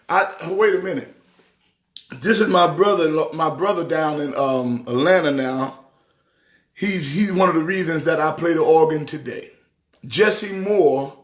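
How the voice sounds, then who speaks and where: A middle-aged man from New York hosting a casual live stream, talking sports in an animated, teasing way and breaking into preacher-like exhortation. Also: fairly high pitch.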